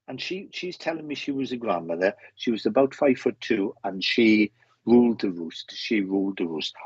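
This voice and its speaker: A Welsh man working as a medium gives live readings to viewers, talking in a halting way and often repeating words and starting over. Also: on the low side, slightly rough, dry recording, muffled recording. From Wales.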